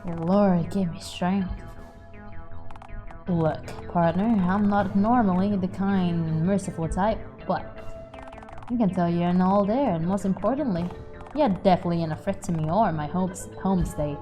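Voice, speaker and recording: A woman putting on a gruff cowboy recluse with a drawl. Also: mellow, soft background music, close to an everyday voice. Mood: curt. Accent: put-on cowboy drawl. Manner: curt, threatening, low and measured. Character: gruff reclusive cowboy man guarding his shack. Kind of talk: reading a visual novel aloud with voices.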